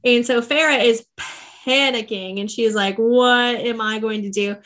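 A young woman co-hosting a casual book podcast, with a slightly high voice. She tells the plot in a lively, slangy way, dropping into quick character voices as she goes. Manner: animated, slangy storytelling with quick character asides. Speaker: podcast co-host. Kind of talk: casual book recap chat.

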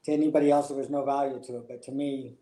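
Man, jockey interviewed, reflective storyteller, mellow and flat delivery, roomy echo. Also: medium pitch, very fast. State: choked up. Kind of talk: interview answers.

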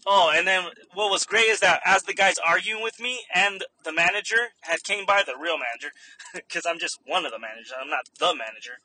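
A man's voice: sits high, fairly quick, sharp tone. A young man, a store manager, animatedly telling a story in a casual vlog, swearing freely and laughing often.

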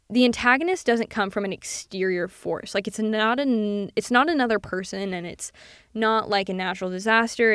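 A woman's voice: medium pitch, smooth, dry recording, clean studio sound. A young woman hosting her own podcast, talking casually and animatedly about film, full of fillers and casual swearing. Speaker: podcast host. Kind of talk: casual solo commentary.

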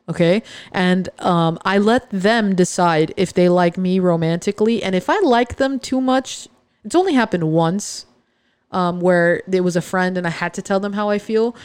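A woman's voice: fairly low pitch, a little mellow, no room sound. A woman hosting a podcast, telling a personal story in a chatty, joking way that often breaks off mid-sentence. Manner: chatty, joking, self-interrupting. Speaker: podcast host.

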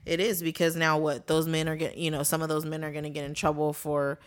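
Woman podcast co-host, lowish voice, casual, fired up and blunt. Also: level tone, fairly quick. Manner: blunt, heated, heavy swearing. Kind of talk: casual chat.

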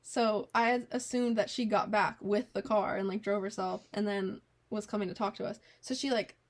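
A woman's voice: medium pitch, normal speed. A young woman co-hosting a podcast, telling a story in casual chat, swearing freely and acting out the people she quotes. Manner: animated storytelling, heavy swearing, quoted voices. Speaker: podcast co-host.

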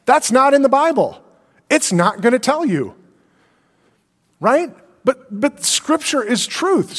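Man, pastor, conversational sermon, rhetorical questions, high-pitched, echoing church hall. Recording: long hall reverb.

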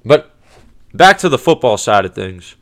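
A man's voice: medium pitch, very animated, a little slow, fairly bright tone. A man hosting a sports podcast, ranting in a heated, profane, exasperated way, with many restarts. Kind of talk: casual sports rant.

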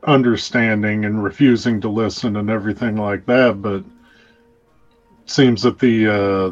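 Low-voiced rambling man role-playing. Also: lo-fi sound. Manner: rambling, filler-heavy, colloquial. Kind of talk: in-character role-play in a tabletop game.

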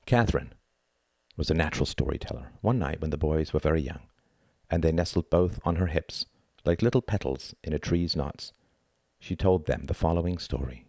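Deep-voiced man narrating an audiobook. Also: dry recording, clean studio sound. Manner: measured, expressive reading.

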